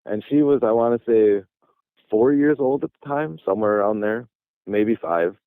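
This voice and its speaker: A man's voice: lowish voice, moderate pace, clear, resonant tone, dry recording. A man from Michigan, a guest telling a long story in a casual, rambling way with many restarts, calling by phone from a parking lot. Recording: tinny phone line.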